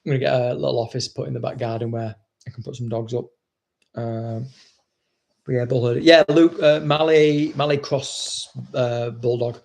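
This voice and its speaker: A man's voice: mid-range voice, fairly even intonation, moderate pace, gravelly, darkish tone. A man, a dog trainer, chatting casually, blunt and swearing freely. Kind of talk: casual chat.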